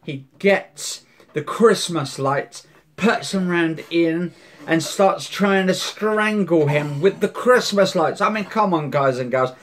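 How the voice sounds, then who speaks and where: A man's voice: on the high side, slow, fairly bright tone. A man rambling through a casual recap of a soap episode, repeating himself and swearing now and then.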